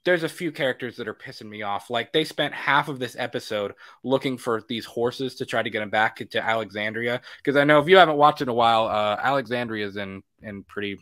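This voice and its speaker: A young man co-hosting a casual chat show, animated, swearing, acting out his own reactions. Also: medium pitch, a little fast, few pauses. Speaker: podcast co-host.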